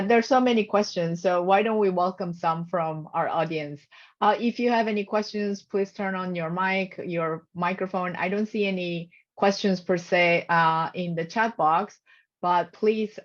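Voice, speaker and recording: A woman moderating a talk over a video call, inviting the audience to ask questions in an encouraging way. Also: fairly low pitch. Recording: muffled video call audio.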